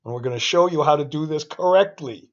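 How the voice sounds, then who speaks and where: A man giving a casual, rambling lecture on a screen share, excitable and often interrupting himself. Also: on the high side, a little fast, dull audio. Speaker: finance instructor.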